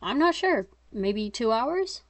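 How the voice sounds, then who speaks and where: Lady reading as a restless kid brother, light and offhand, grumbly about rules, a bit higher up. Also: very animated, slow, no echo, exaggerated voice. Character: easygoing restless younger teen brother.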